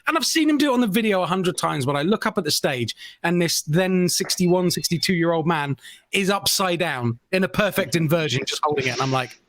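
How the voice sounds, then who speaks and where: A man's voice: fairly high pitch, animated, brisk, fairly bright tone, no room sound. A man on a podcast, a self-mocking storyteller who acts out what people said in a casual chat. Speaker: podcast co-host.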